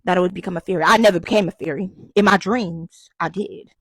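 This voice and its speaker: A woman telling a childhood story in a storytime vlog, animated, profane and self-mocking, with dramatic switches into acted quotes. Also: lowish voice, quick pace.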